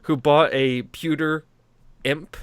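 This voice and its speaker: A man's voice: a little high, fairly even intonation, slow pace, smooth, no echo. A man from the United States co-hosting a gaming podcast, chatting casually, swearing freely and laughing often as he tells stories. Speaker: podcast co-host. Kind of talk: casual chat.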